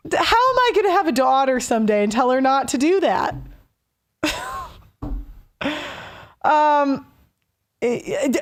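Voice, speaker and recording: Young woman host, high voice, blunt heated rant with restarts. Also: sing-song, a little slow, pauses often. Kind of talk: opinion rant on a call-in show.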